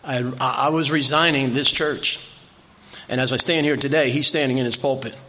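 Folksy older male preacher, bright voice. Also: medium pitch, fairly even intonation, normal speed. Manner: folksy storytelling, repeats phrases. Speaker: visiting preacher. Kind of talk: sermon. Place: church.

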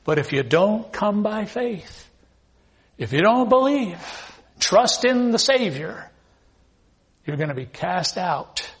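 Male preacher, high voice, emphatic verse-by-verse sermon. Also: fairly bright tone. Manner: emphatic, acts out scripture scenes. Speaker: pastor. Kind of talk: expository sermon reading scripture.

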